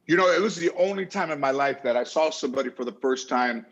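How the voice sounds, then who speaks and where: Husky rambling storyteller, lo-fi. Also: male voice, mid-range voice, fast talker. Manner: rambling, animated storyteller with frequent restarts. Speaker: talk show guest. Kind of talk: casual storytelling.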